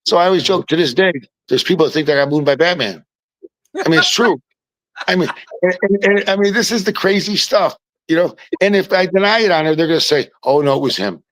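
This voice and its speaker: Animated man telling stories. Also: high voice, fairly quick, dry recording, poor audio. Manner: animated, repeats and restarts words. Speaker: podcast guest. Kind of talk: casual storytelling chat.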